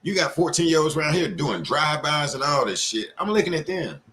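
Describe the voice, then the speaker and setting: A man's voice: on the high side, lively intonation, a little fast, bright, forceful tone. A man hosting an online panel show, talking in a heated, blunt, rambling way and swearing freely. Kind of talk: heated casual panel talk.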